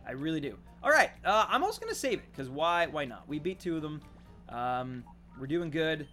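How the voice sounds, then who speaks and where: High, lively male game streamer. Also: normal speed, soft background music. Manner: excitable, chatty, thanks viewers. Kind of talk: live gameplay commentary.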